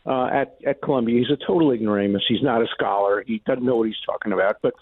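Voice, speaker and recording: An older man, a law professor guest on a phone-in interview, speaking forcefully and indignantly, with emphatic repetitions. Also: mid-range voice, fast, breathy edge, no room sound. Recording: dry tinny phone line.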